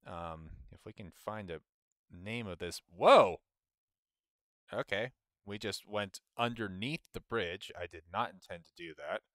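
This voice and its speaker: A man's voice: deep voice, a little slow, fairly bright tone, dry recording, clean studio sound. A man streaming a game, grumbling at it and laughing at himself as he talks. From United States. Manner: grumbling at the game, self-mocking, laughs often. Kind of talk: casual gameplay commentary.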